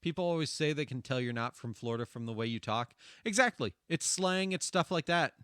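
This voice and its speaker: A man's voice: fairly high pitch, lively intonation, fairly quick, fairly bright tone, clean tone, dry recording, studio quality. A man with a Midwestern accent streaming while gaming, chatting casually, swearing freely and laughing often.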